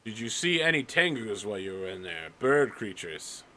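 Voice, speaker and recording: A man's voice: fairly low pitch, sing-song, normal speed, bright, forceful tone. A man playing a stern male captain of the tower guards, giving curt orders and questioning. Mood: interrogating.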